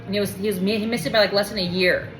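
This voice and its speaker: A woman's voice: mid-range voice, steady tone, quick pace, faint music behind. A woman telling a personal story in a casual, digressive way, often drifting off track and acting out what people said. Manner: rambling, digressive, acts out quoted dialogue. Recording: roomy echo.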